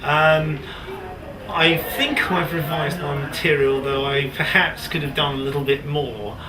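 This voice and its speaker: A man doing a first stand-up set in a small comedy club, nervous and hesitant with many pauses and ums. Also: on the high side, steady tone, crowd noise. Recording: echoey room from far off.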